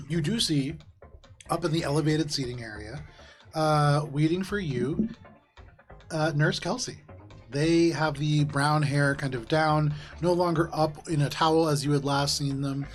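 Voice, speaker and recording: A man running a tabletop game as game master, narrating scenes in a relaxed, descriptive way with frequent ums. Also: fairly high pitch, unhurried.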